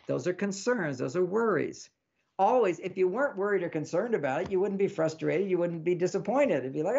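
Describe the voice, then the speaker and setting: Gravelly-voiced man, animated teaching. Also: high-pitched, a little fast, highs cut off. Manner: animated, acts out dialogues; teaching, repeats lists. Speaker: author guest. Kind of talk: interview talk.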